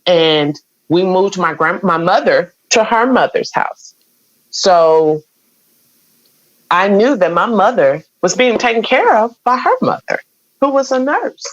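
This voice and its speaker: A woman's voice: medium pitch, lively intonation, slow pace. A woman guest on an interview show, telling a personal story in a candid, conversational way. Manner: candid, conversational, with many quoted exchanges. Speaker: radio program director, podcast guest. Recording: dull, dry sound.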